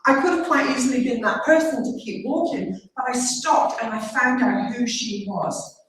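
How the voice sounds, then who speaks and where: A woman's voice: on the high side, normal speed. A woman therapist giving a motivational stage talk, telling a story to an audience. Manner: warm storytelling, engages the audience. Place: large conference hall. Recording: echoey hall, heard from a distance.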